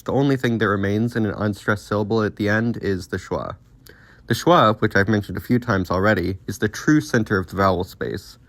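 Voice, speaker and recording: Male narrator for an educational voice-over, lower pitch, dry sound, calm explanatory read. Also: dry recording. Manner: measured, explanatory delivery. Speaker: linguistics video creator.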